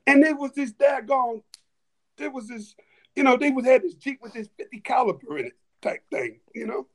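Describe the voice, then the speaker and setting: A man telling stories in a casual chat, animated, with many restarts and laughing asides. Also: very high voice, moderate pace, vocal fry. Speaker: guest storyteller.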